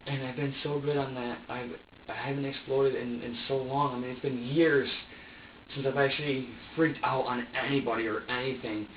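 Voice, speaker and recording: A man's voice: mid-range voice, a little fast, a little hiss or hum. Agitated young man, distant and roomy. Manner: agitated, profane, stammering repeats. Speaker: suspect under police questioning. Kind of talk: interrogation statement. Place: interrogation room. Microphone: distant security camera mic. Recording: roomy, distant, dull lo-fi security footage.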